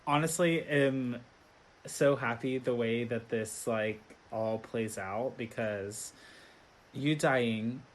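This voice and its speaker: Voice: mid-range voice, slow pace. A young adult podcast co-host with a mid-range voice, talking about a TV drama in sassy, slangy casual chat. The delivery is loose and full of laughter.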